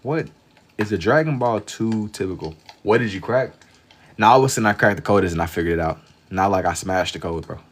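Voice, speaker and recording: Man, lowish voice, sleepy, drawling, rambling casual chat, repeats himself. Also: expressive, fairly quick. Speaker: livestream artist.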